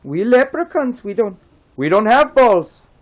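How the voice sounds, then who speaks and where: A man voicing a little male leprechaun in a joke, with a high squeaky put-on voice. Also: big pitch swings, unhurried. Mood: cheeky.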